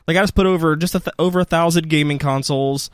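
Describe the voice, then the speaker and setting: A man's voice: fairly high pitch, steady tone, fast talker, clear, resonant tone, no room sound. A man co-hosting a casual podcast. He talks bluntly and swears freely. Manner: blunt, swears freely, backs up the other host. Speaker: podcast co-host.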